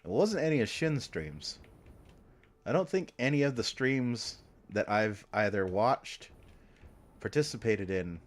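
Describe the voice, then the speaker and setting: Rambling, cursing male streamer. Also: fairly low pitch. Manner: meandering, swears often, trails off and restarts. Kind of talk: casual rambling stream talk.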